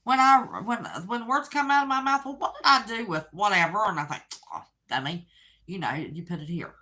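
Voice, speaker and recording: An older woman, hosting her own channel and talking to viewers in a rambling, heartfelt way with soft laughs. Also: mid-range voice, expressive, fairly quick. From West Virginia. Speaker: channel host. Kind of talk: casual talk to viewers.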